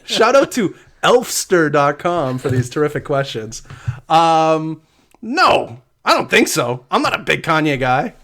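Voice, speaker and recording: A man's voice: a little high, very animated, unhurried, fairly bright tone. A man co-hosting a podcast in casual chat, hesitant, with many restarts. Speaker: podcast co-host.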